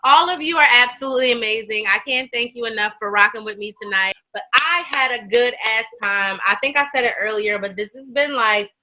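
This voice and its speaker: A woman's voice: fairly high pitch, fairly quick, few pauses, bright, forceful tone, rough recording. A woman hosting a virtual comedy show over a video call, talking casually and thanking the performers. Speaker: host.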